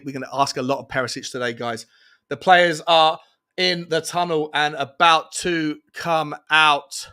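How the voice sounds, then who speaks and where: Chatty man hosting a live stream. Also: mid-range voice. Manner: chatty, reads viewer comments aloud, excitable. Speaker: fan show host. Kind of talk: live watchalong stream chat. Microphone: earphones with mic, webcam.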